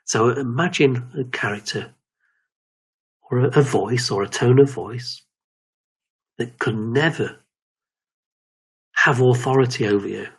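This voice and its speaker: Husky guy talking you through a confidence exercise, slow and measured, keeps restarting lines. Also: mid-range voice. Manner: measured, repetitive, with frequent restarts. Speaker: confidence coach. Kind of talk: slow guided self-help talk.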